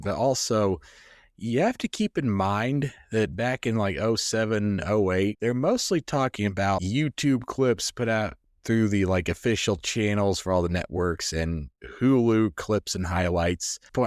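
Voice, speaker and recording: A man's voice: on the low side, no room sound, studio quality. A man co-hosting a podcast, talking in a thoughtful, rambling way with many fillers. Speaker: podcast co-host. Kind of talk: casual chat.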